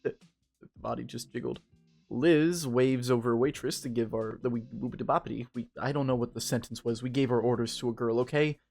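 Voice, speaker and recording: A man's voice: mid-range voice, steady tone, brisk, vocal fry, darkish tone, soft background music. A tipsy man in casual game commentary, reading the text aloud, rambling and swearing. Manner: rambling, profane, tipsy and joking. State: drunk. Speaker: game streamer.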